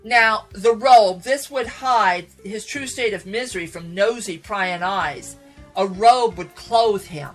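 A woman radio Bible teacher retelling a Bible story in a dramatic, animated way, speaking to listeners as folks. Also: mid-range voice, takes it slowly, soft background music. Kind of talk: sermon storytelling.

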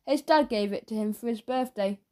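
A woman's voice: a little high, a little fast, a little mellow, close to an everyday voice. A woman voicing a blunt, loyal schoolboy who talks straightforwardly and a little cheekily. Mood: plain, frank.

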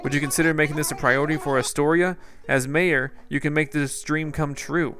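A man's voice: on the high side, fairly even intonation, brisk, close to an everyday voice. A man voicing a fussy male owl museum director from a video game, speaking politely and formally as he pleads for help. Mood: earnest.

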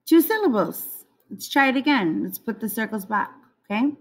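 A young woman teaching a children's lesson on syllables, modeling words slowly and clearly. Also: fairly high pitch, fairly bright tone. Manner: slow, clear, drawn-out word modeling.

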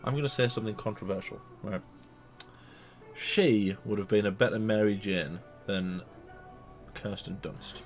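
A man's voice: fairly low pitch, moderate pace, long pauses, soft background music. A man with a Northern English accent chatting casually while watching a film, teasing and mock-provocative, laughing often. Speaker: reaction video co-host. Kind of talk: casual chat over a film.

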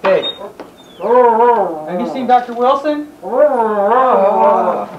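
A man's voice: very high-pitched, drawn-out words, dull audio, noisy background. A young man who is a medical resident, flustered and stammering in an amateur comedy sketch. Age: young adult. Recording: echoey amateur camcorder audio.

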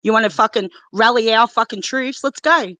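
A woman argues furiously on a live call, swearing and hurling insults. Her voice sits high, and the close mic sounds dry, with no room sound. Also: a little fast, bright, forceful tone, no room sound, low-quality recording. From Australia. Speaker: caller. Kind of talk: heated live-stream argument.

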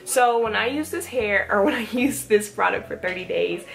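Filmed indoors at home on a camera mic, a woman chats loosely through a hair product review, full of asides. She's a natural hair vlogger with a medium-pitched, fairly bright voice, vocal fry and a moderate pace, over faint background music.

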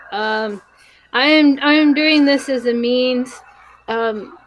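A woman's voice: high voice, takes it slowly, muffled recording. A woman playing a tabletop game, thinking aloud and hesitant as she describes her moves. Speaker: player.

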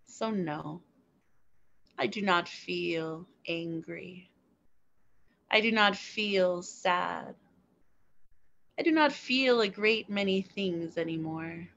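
A woman performing a spoken word poem with a measured, deliberate delivery and weighted pauses. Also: lowish voice, gravelly, fairly bright tone. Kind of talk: slow spoken word poetry reading. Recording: dull, slightly lo-fi sound.

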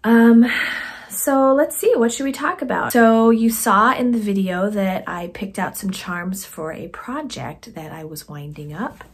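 A woman vlogger chatting casually about her knitting projects in a soft, conversational way that often trails off quietly. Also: medium pitch, measured pace, husky. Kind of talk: casual chat to camera.

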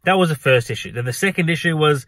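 A man's voice: a little high, quick pace, dry recording. A young man who works in a bar, telling a story to camera in a casual way and acting out what people said. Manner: animated, acts out quoted lines. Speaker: vlogger, bar worker.

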